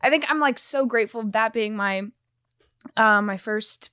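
Bright-voiced young woman, chatty guest. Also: fairly high pitch, measured pace, smooth, dry recording, studio quality. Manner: chatty, lots of "like" fillers. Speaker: guest actor. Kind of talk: casual interview chat.

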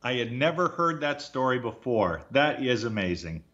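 A man's voice: mid-range voice, very animated, moderate pace, fairly bright tone, lo-fi sound. A man co-hosting a radio interview, enthusiastic and reacting with short interjections. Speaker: radio show co-host.

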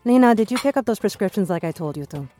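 An actress playing a bossy, overworked mother in an audio drama, scolding and nagging her daughter with exasperated sighs, over soft music. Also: mid-range voice, expressive, quick pace, dry recording, lightly acted. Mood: urgent. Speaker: Lena's mother.

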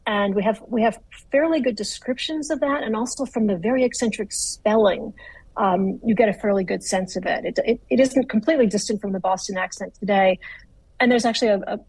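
A woman author answering interview questions in an articulate, measured way with frequent restarts. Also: medium pitch, darkish tone, breathy edge, no room sound, poor audio.

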